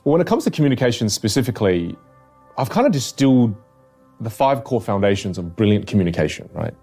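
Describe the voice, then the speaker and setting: A young man talks as a communication coach in an interview. He is animated and theatrical, demonstrating points by reshaping his own voice. Faint music plays underneath. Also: lowish voice, fast talker. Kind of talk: podcast interview, demonstrative teaching.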